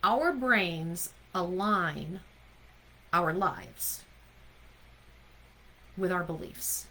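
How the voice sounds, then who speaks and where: A woman's voice: lowish voice, expressive, extremely slow, bright, forceful tone, rough recording. A woman leadership coach giving a live online coaching talk. She speaks emphatically, keeps asking her listeners questions and often checks in with "right?".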